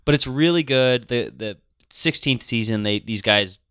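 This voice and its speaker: Podcast co-host, male, bright and forceful tone, blunt and emphatic delivery. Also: medium pitch, moderate pace, smooth, dry recording, studio quality. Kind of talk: casual podcast chat.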